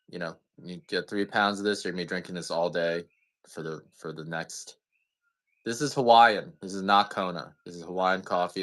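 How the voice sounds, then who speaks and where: A man with a low, fairly bright voice hawks coffee during a live stream. His talk is casual and rambling, with jokes and the occasional swear word.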